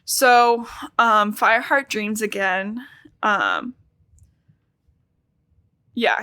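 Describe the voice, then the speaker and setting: A young woman co-hosting a podcast, recapping a book in a casual, chatty way with lots of "like" and quick jokey asides. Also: fairly high pitch, animated, sharp tone, no room sound. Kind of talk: casual chat.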